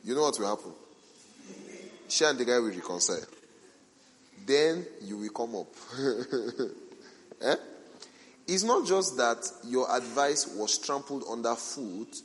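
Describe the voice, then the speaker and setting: A man preaching a sermon as a pastor, telling animated everyday stories, asking rhetorical questions and acting out the people he quotes. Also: medium pitch, a little slow, long pauses, a little hiss or hum. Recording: long reverb from a large hall.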